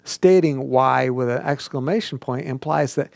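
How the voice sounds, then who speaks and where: A man's voice: mid-range voice, moderate pace, gravelly, hardly any pauses, darkish tone, dry recording. A male pastor giving an interactive sermon, coaching listeners to speak aloud and mimicking whiny questions.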